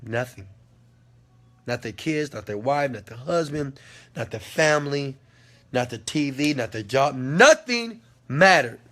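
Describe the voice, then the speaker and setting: A man giving an impassioned motivational talk, preachy and repetitive, swearing at times, his volume swinging from quiet to loud. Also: mid-range voice, a little slow, pauses often. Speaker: motivational speaker answering a question.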